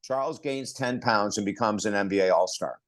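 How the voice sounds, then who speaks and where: An older man, a podcast guest, telling stories in an animated way, often restarting his sentences. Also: fairly low pitch, moderate pace. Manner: animated storyteller with frequent restarts. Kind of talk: storytelling in a podcast interview.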